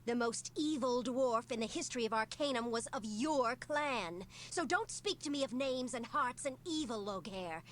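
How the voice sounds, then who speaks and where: Poised, proud dark elf. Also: female voice, fairly high pitch, lively intonation, normal speed, few pauses, slight background noise. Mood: cool. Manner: cool, poised, challenging. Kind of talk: video game voice acting.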